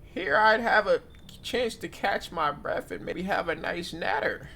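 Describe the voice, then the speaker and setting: A man puts on a little old grandmother, quavering way up high and stretching her words. She is folksy and a bit cryptic, the talkative stranger at the door of a horror game. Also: creaky, pushed and bright, slight background noise, full character voice. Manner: high quavering granny voice, slow drawn-out words.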